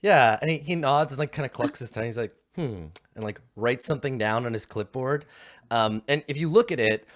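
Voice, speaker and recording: A man's voice: medium pitch, fairly quick. A man narrating a tabletop game as game master, rambling with many fillers.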